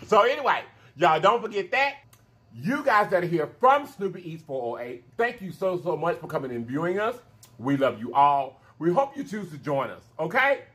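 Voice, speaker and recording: A man hosting a mukbang vlog, talking straight to his viewers in an animated, emphatic way and repeating his phrases for effect. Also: fairly high pitch, normal speed. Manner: emphatic, preachy encouragement. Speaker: mukbang channel host. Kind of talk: casual vlog sign-off talk.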